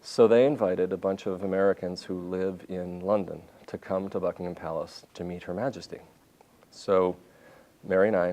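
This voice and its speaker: A man in his fifties with a very low, deep voice addresses a university audience as a visiting journalist. He tells his stories in an animated way, often breaking off and restarting his sentences as he goes. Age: 50s. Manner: animated storytelling with restarts and self-corrections. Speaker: visiting journalist giving a talk. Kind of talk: lecture with anecdotes. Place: university lecture hall.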